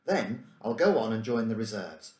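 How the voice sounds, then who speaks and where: A brisk, obliging schoolboy ready to run an errand, as a man reads him out. The voice is lively, and there is a roomy echo around it. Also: on the low side. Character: brisk helpful schoolboy messenger.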